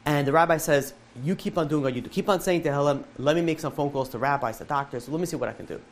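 A man, a rabbi, telling a moving story to a live audience, acting out the dialogue in quick asides. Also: a little high, slight background noise.

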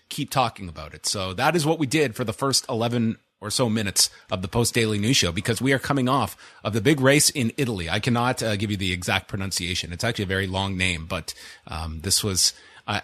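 A man's voice: lowish voice, fairly bright tone, dry recording. A man hosting a casual podcast, rambling with dry sarcasm. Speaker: podcast host.

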